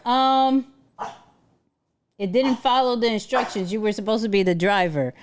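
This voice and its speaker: A woman hosts a casual livestream from home, chatting with viewers and talking to her dog. Her voice sits on the high side at normal speed, and there's background noise.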